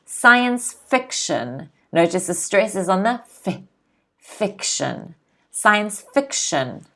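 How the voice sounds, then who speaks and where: A woman teaching English on a live stream, speaking slowly and clearly and repeating each word for students to copy. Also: mid-range voice. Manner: slow, clear, repeats words for pronunciation drills. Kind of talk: live-streamed vocabulary lesson.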